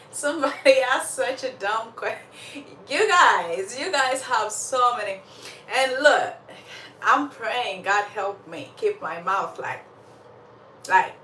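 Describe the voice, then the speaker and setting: On a livestream, a young woman from Uganda chats casually with her viewers, laughing often and coughing slightly since she's a bit under the weather. Her voice is on the high side, pushed and bright. She's far from the mic, giving roomy sound and faint background noise.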